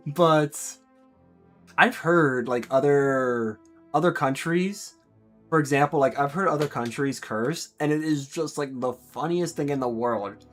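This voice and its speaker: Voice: mid-range voice, slow, soft background music. A speaker from the United States, rambling in casual chat while streaming a game and laughing often.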